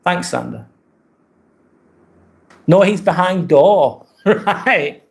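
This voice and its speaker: A man's voice: high-pitched, lively intonation, very slow, gravelly. Chatty English man on a live stream. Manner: chatty, reads out viewer comments and answers them. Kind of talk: casual live-stream chat. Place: rented apartment indoors.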